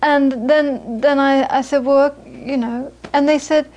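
High-voiced woman teaching Buddhism. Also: fairly even intonation, measured pace, a little mellow, muffled recording. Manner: chatty storyteller, many restarts and repeated words. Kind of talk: informal dharma talk with anecdotes.

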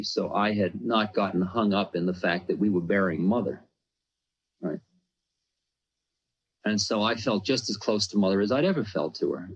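A man's voice: on the low side, slightly rough. A man telling a personal story in a rambling, conversational way, often saying "you know". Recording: dull lo-fi recording.

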